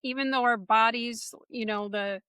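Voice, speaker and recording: A woman's voice: fairly high pitch, steady tone, moderate pace, sharp tone, clean tone, no room sound, studio quality. A woman podcast host making reflective, faith-based comments to her guest. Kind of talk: supportive interview talk.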